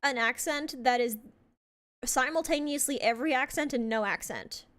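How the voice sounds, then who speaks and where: A woman from Australia chatting casually while streaming a game, playful and quick to laugh. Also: high voice. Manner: animated, laughs often, playful. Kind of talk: casual gaming stream chat. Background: game music.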